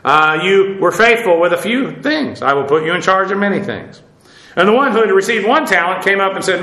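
A man's voice: high voice, animated, fairly quick, bright, forceful tone, roomy sound, low-quality recording. A man preaching a sermon in a conversational way, often asking his listeners questions. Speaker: pastor.

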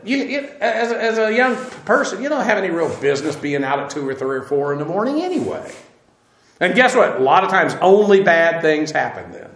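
Male Bible teacher, high-pitched and conversational, emphatic asides, echoey room. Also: bright, forceful tone. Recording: roomy echo.

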